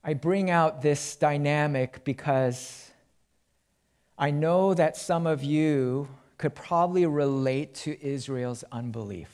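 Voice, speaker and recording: Slow, emphatic male preacher. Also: a little high, darkish tone. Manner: slow, emphatic preaching with swells and drops in volume. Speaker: pastor. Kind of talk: sermon.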